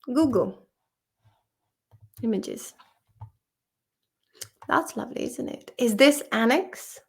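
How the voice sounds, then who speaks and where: Animated yet slow, with a fairly high pitch, a Czech English teacher in her thirties chats her way through vocabulary. It's a laid-back, vlog-style study session, and she laughs, swears and gets emotional as she goes.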